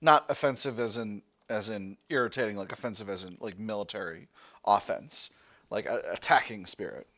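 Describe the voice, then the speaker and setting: A man's voice: fairly low pitch, moderate pace, sharp tone. A man reading a text adventure game aloud as its player, breaking off into rambling, self-correcting asides.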